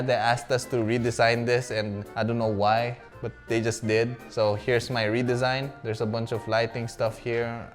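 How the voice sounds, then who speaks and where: A young man from the Philippines, casually talking through his old school work, chatty and self-mocking with frequent laughs. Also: mid-range voice. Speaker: vlogger.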